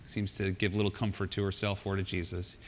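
A male pastor delivering a sermon in a church, conversational and animated, with joking asides. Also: deep voice, a little fast, a little hiss or hum. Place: church sanctuary. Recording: long hall reverb.

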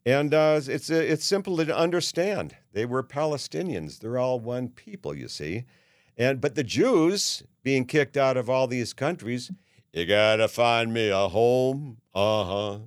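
A man's voice: mid-range voice, big pitch swings, measured pace, no room sound, studio quality. Blunt ranting man in his seventies. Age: 70s. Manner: ranting, blunt, many fillers and restarts. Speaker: podcast host. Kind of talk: opinionated monologue.

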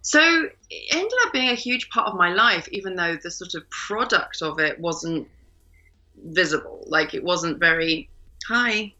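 A woman talks casually as an interview guest, rambling through fillers and restarts. Her voice sits a little low but sounds bright and forceful. The audio is dull and muffled, like a home call. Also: a little slow. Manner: chatty, many fillers and restarts, bright lively laugh.

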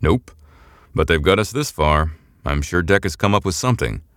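A man's voice: lively intonation, moderate pace, fairly bright tone, no room sound. Man doing a hearty, giant crewman. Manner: hearty, booming. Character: huge, genial male ex-athlete crewman.

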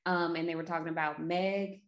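A woman guest on a podcast, giving her view of a film with thoughtful "um" pauses. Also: fairly low pitch, little pitch movement, echoey room, lo-fi sound. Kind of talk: casual film discussion.

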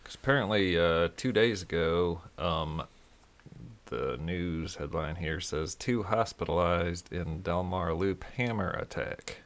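A man's voice: sits low, slow. A man chatting casually on a podcast, laid-back, mostly giving short replies. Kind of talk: casual chat.

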